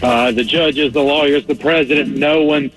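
A man's voice: on the high side, fairly even intonation, moderate pace, a bit bright, faint music behind, low-quality recording. Emphatic male radio guest. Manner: emphatic, insistent. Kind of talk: talk radio conversation.

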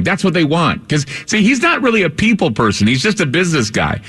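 A man's voice: fairly high pitch, sing-song, brisk, a bit bright, slightly rough. A man hosting a late-night talk radio show, joking and rambling into a studio mic.

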